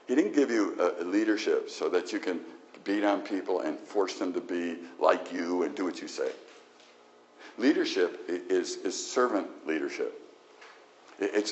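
Man, pastor, sermon, low voice, emphatic, conversational, restarts, slightly muffled recording.

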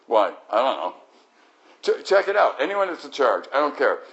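A man's voice: medium pitch, very animated, moderate pace, fairly bright tone, highs cut off. A man preaching a sermon, acting out quoted voices in his talk. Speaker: pastor.

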